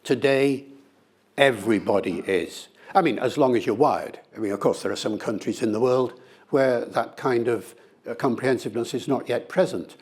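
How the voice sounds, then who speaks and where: Older man explaining with animated flair. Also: mid-range voice, normal speed, husky. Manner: animated, lively storytelling with playful demonstrations. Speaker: linguist being interviewed. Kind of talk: conversational interview answer.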